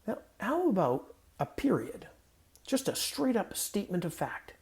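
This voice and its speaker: A man's voice: high voice, sing-song, measured pace, a little mellow. A man, a pastor, reading scripture and then giving a casual, conversational sermon in a playful manner with self-corrections, recorded in a home guest room.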